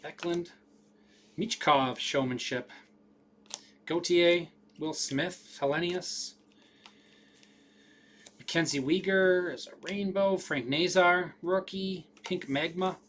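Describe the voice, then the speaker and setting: A man's voice: high-pitched, slow pace, pauses often, a bit bright, slight background noise. A man hosting a live card break, rattling off names with casual running commentary.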